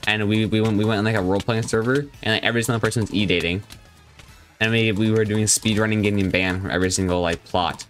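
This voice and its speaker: A man's voice: lowish voice, steady tone, quick pace, faint music behind. A young man live-streaming a game, chatting casually and joking as he reads and answers his viewers' chat.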